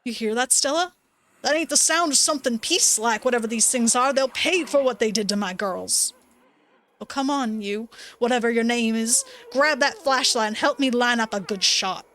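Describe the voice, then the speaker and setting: A woman voicing a gruff older rural man, loud and folksy, fiercely protective of his chickens. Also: a little high, normal speed, lightly acted. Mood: enraged. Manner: folksy, blustering, raised voice.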